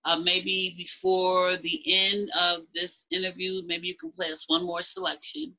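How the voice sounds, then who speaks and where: A woman's voice: lowish voice, measured pace, vocal fry, sharp tone. A woman hosting an interview over a video call, heaping praise and repeating herself enthusiastically. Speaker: interview host. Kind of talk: warm, effusive interviewing. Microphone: laptop on a video call. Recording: muffled video call audio.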